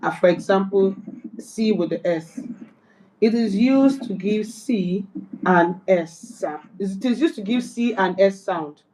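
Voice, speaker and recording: Slow-talking woman learning French. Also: medium pitch, mellow, poor audio. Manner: reads rules aloud, repeats words carefully. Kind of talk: beginner language lesson practice.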